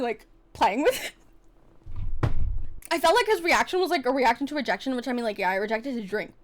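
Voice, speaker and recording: A woman telling a personal story in a casual vlog, chatty and full of "like" fillers, swearing freely and swinging between loud outbursts and soft asides. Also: high-pitched, animated, moderate pace.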